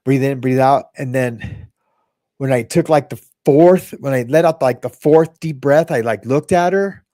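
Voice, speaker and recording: A man's voice: medium pitch, mellow, no room sound, clean studio sound. A man hosting a podcast, telling his own recovery story in a casual, rambling way, with many restarts and quoted lines.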